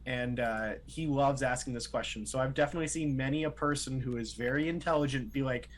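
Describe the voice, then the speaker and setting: A man's voice: mid-range voice, fast talker, hardly any pauses, poor audio. A man co-hosting a casual podcast, earnest and explanatory as he tells a story at length. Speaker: podcast co-host. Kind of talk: casual chat.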